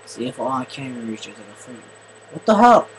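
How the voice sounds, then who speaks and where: A man doing excitable gameplay commentary, often yelling and swearing at the game. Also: medium pitch, very fast, slight background noise, low-quality recording. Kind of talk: let's play commentary.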